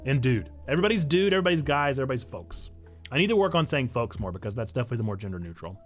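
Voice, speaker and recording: A pastor from Illinois with a Northern Illinois accent, chatting casually on a livestream and answering chat in a playful, self-mocking way. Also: male voice, mid-range voice, big pitch swings, rapid-fire, faint music behind. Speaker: pastor and streamer.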